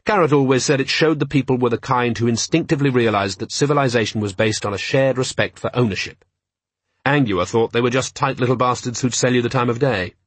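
A man narrating an audiobook in a measured, wry storytelling manner. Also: mid-range voice, breathy edge, no room sound. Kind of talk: scripted narration.

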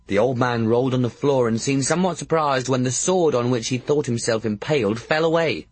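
A man's voice: mid-range voice, moderate pace, few pauses, husky, no room sound. A man narrating a first-person audiobook in a wry, dry storytelling manner.

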